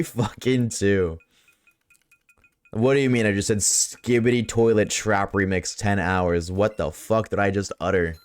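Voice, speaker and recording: A man streaming a game live, chatting loosely with viewers at a desk mic, swearing often and swinging between a high put-on tone and his lower everyday voice. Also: smooth. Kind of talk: casual live-stream chat while gaming. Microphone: desk microphone.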